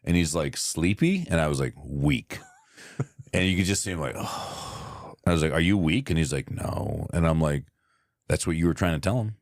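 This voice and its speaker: A man with a low, deep voice, talking casually on a podcast and acting out what people said as he tells stories. He swears freely. The sound is dry and close, with no room echo. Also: fast. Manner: animated storyteller acting out quotes, swears freely. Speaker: podcast co-host. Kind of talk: casual chat.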